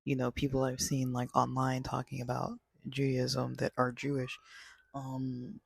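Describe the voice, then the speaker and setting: A man's voice: mid-range voice, monotone, a little slow, vocal fry, husky, no echo. A man casually reviewing a movie, rambling with many fillers and restarts. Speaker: channel host.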